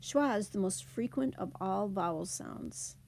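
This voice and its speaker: A woman teaching a slide presentation lesson, explaining slowly and carefully. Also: mid-range voice, lively intonation, gravelly, darkish tone, slight background noise. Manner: slow, careful, deliberate explanation.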